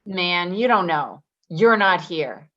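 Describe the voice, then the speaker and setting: A woman's voice: on the low side, animated, takes it slowly, pushed and bright, lo-fi sound, heavily acted. A woman in a readers theater reading, playing a blunt, defensive live-in caregiver who answers with sarcasm. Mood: indignant. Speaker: actor in a staged reading.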